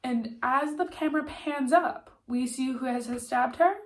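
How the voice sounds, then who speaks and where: A woman's voice: high voice, moderate pace. A woman with a stuffy nose casually recapping a TV series, chatty and full of "like" and "um". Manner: chatty, lots of "like" and "um" fillers. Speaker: TV recap vlogger.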